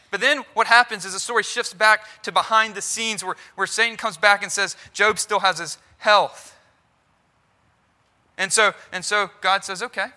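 A pastor gives his sermon in an earnest, conversational manner, circling back to restart phrases as he goes. His voice sits high for a man and rings with a very bright, sharp edge.

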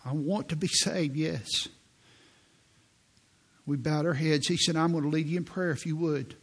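A man's voice: a little high, fairly even intonation, breathy edge. Earnest older male pastor preaching. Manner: storytelling, quiet and earnest, slowing for quoted prayers. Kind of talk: sermon. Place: church sanctuary.

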